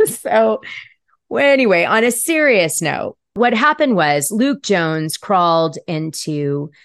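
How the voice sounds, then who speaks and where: A woman hosting a podcast in casual chat, chatty and quick to laugh. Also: lowish voice, very animated, dry recording, clean studio sound. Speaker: podcast host.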